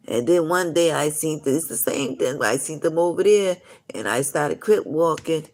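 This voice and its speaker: A man's voice: on the high side, animated, normal speed. A man telling long, rambling stories on a live stream, full of "you know" asides. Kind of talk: casual rambling storytelling.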